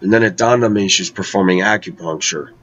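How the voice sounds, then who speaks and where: A man telling a personal travel story in a conversational way, slowing down to draw out key words. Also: sits low, a bit bright, a little hiss or hum. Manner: conversational, with slow, drawn-out emphasis. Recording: dull lo-fi recording.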